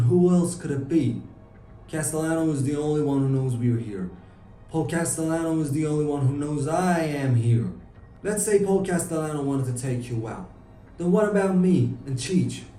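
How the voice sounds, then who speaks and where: A man's voice: on the high side, animated, moderate pace, warm tone, natural voice. A man voicing a hardened mob gunman who barks blunt orders. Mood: skeptical. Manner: gruff barked orders. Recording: roomy distant mic with music.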